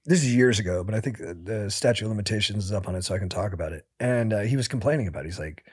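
Animated storytelling podcast host man. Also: lowish voice, very fast, husky. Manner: animated storyteller, says "dude" a lot. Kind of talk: casual podcast chat.

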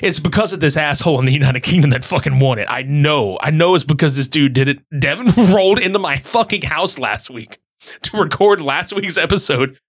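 A man's voice: fairly high pitch, brisk, a bit bright, dry recording, studio quality. A man hosting a podcast, telling a story in casual, profane chat. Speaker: podcast host.

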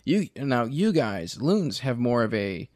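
A man's voice: mid-range voice, big pitch swings, takes it slowly, a little mellow, dry recording, studio quality. A man interviewing a bird character in an improvised comedy bit, asking earnest questions with hesitant restarts.

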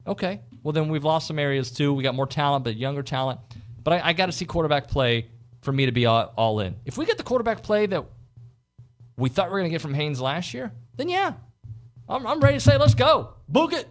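A man's voice: on the high side, fast. A man hosting a sports talk radio show, giving strong opinions in a rambling way, with fillers and restarts.

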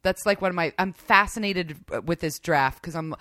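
A woman co-hosting a podcast in casual chat, rambling and animated, often laughing. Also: on the low side, moderate pace, dry recording. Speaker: podcast co-host.

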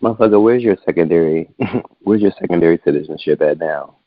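A man's voice: sits low, fairly quick, no room sound, phone-quality sound. A man co-hosting a casual chat, blunt, crude and teasing, laughing a lot.

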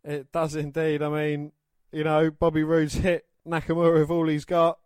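Chatty man with a slightly high voice. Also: monotone, moderate pace, darkish tone, smooth, no echo. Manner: chatty, chimes in with short calls. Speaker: podcast co-host. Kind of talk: casual wrestling commentary.

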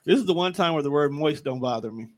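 A man's voice: on the high side, expressive, quick pace. A man hosting a podcast, dropping short laid-back comments. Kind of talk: casual podcast chat.

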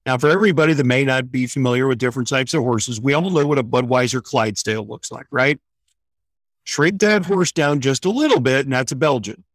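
A man tells a story in a relaxed, chatty way on air. He jumps into the people he quotes. The sound is dry and close, with no room echo. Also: mid-range voice. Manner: animated storyteller, acts out quotes. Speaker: guest running horse programs for veterans.

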